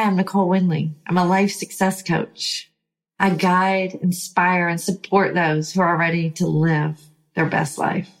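A woman life coach telling her story in an emphatic, sighing way, with fired-up bursts. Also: mid-range voice. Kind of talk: motivational personal story.

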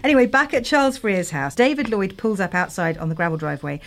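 A woman co-hosting a podcast, recapping a TV series in casual chat, laughing often and jumping to high squeals of delight. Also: animated, fast.

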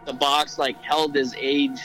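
A man's voice: medium pitch, level tone, slow, a bit bright, soft background music, rough recording. A man co-hosting a podcast, retelling an old legend in casual chat, with many fillers and restarts. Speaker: podcast co-host. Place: airborne helicopter.

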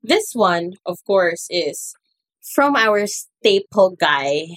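A woman's voice: medium pitch, big pitch swings, very slow, fairly bright tone, dry recording. A woman co-hosting a casual podcast, bubbly and gushing, laughing often. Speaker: podcast co-host. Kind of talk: casual chat.

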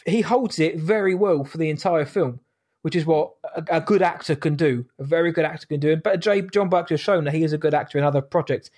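A man talks through his views on a podcast, measured and thoughtful in a casual chat. His voice sits a little higher than most men's. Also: darkish tone. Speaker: podcast co-host.

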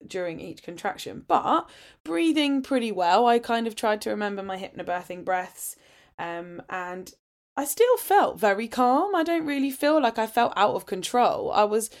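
A woman's voice: on the high side, big pitch swings, moderate pace. Chatty woman telling a story. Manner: chatty, laughs often, frank and candid. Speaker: podcast host sharing her birth story. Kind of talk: casual storytelling.

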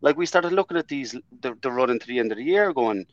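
Irish guy on a video call, animated football chat, lots of likes, dry dull sound. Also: medium pitch, fast talker, no echo. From Ireland. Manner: animated, restarts often, many "like" fillers. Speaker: fan guest. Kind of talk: casual chat.

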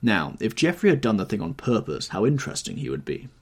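A man voicing a witty, cynical aristocratic gentleman who drawls amused epigrams, in an audiobook reading. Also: on the low side, very animated, fast talker, husky, exaggerated voice.

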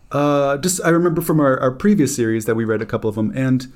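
A man's voice: medium pitch, animated, brisk, darkish tone. A man hosting a podcast in casual chat, dry and teasing, with some filler. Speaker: podcast host.

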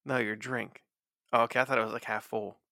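A man's voice: medium pitch, steady tone, fairly quick, creaky, pushed and bright, dry recording. A man co-hosting a podcast in casual chat, chiming in with short dry interjections and teasing asides. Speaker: podcast co-host.

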